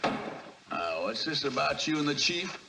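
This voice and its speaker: Brief: a sardonic talking mule, slow and bright-toned, on a faintly hissy old film track. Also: male voice, fairly high pitch, big pitch swings, gravelly, exaggerated voice. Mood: wry. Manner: dry, sardonic, slow drawl. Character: wisecracking talking male mule. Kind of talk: 1950s film comedy acting. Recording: old film soundtrack with noise.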